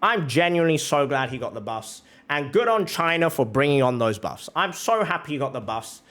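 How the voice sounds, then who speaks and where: A man's voice: on the high side, very animated, a little fast, a bit bright. A male streamer giving a heated, profane reaction rant on stream, repeating phrases for emphasis.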